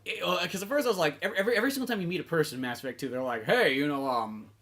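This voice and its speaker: Guy on a gaming podcast, high bright voice, talks super fast, cusses a lot. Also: very animated. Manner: rambling, profane, acts out bits in silly voices. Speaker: podcast co-host. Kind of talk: casual chat about video games.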